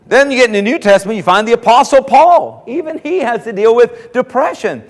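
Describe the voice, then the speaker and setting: A man preaching a sermon as pastor, slowing down and rising in force when quoting scripture. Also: very high-pitched, big pitch swings. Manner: preaching, slows and rises on scripture quotes. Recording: long reverb of a large hall.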